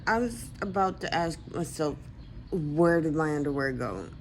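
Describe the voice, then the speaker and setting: A woman's voice: low voice, expressive, moderate pace, a little hiss or hum, rough recording. A woman talking to herself at home in a casual vlog, rambling and groggy. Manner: rambling, groggy self-talk. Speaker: vlogger.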